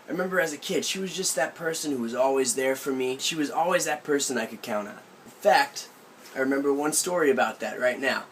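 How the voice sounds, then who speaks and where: A man's voice: fairly high pitch, a little hiss or hum. A young man vlogging from his aunt's country house, telling a childhood story with a playful, mock-serious delivery. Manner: animated, playful deadpan storytelling. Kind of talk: comic storytelling vlog.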